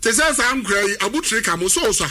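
A man with a Ghanaian accent giving animated sports talk, emphatic and repetitive, drifting into a sing-song delivery. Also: high-pitched, normal speed. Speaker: sports pundit. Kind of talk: animated sports talk mixing Twi and English.

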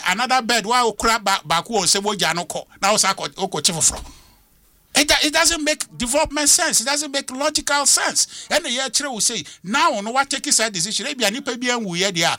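On his radio program, this middle-aged Ghanaian host argues animatedly, moving back and forth between Twi and English with strong emphasis. The voice is very high, and the recording carries no room sound.

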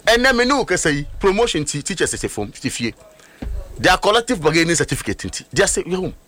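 A man's voice: on the high side, sing-song, fast, bright, forceful tone. A middle-aged man with a Ghanaian accent giving heated political commentary, emphatic and full of rhetorical questions. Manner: emphatic, rhetorical, switches between languages.

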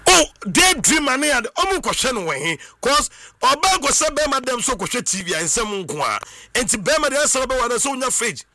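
Ghanaian guy going off, twi and english mixed, super bright sharp voice, shouty and singsongy. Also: extremely high pitch, brisk, no echo. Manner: excitable, bursts into shouts and sing-song. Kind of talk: animated monologue mixing Twi and English.

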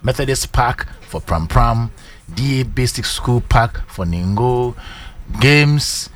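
A man with a Ghanaian accent, a radio co-host doing an energetic, chanting ad read. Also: mid-range voice, slow. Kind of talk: hyped ad read.

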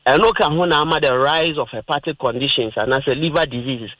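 A man's voice: fairly high pitch, fairly quick, a bit bright, dry recording, poor audio. Ghanaian man explaining health on radio. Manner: explanatory, lecturing with everyday examples. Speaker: health expert guest on radio. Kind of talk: radio health talk, mixing Twi and English.

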